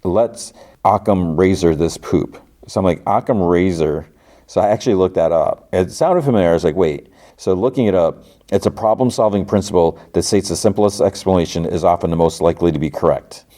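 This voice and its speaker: Low, dark-voiced man recapping a show. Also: brisk. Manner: retells scenes by quoting characters in plain voice, laughs often. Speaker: podcast host. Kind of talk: casual episode recap.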